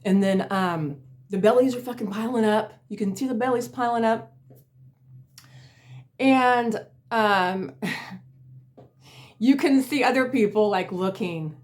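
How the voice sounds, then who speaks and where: Sitting in a chair at home, a woman vlogger tells funny stories about work in a fairly high voice, speaking slowly and pausing often. She rambles with plenty of fillers and laughs at herself.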